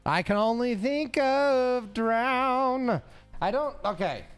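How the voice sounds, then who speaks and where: A man with a very high, expressive, smooth voice takes things slowly while streaming live, thinking aloud as he sounds out word guesses and greets his chat. It's casual live-stream talk while solving a word puzzle, picked up on a headphone mic with faint music behind.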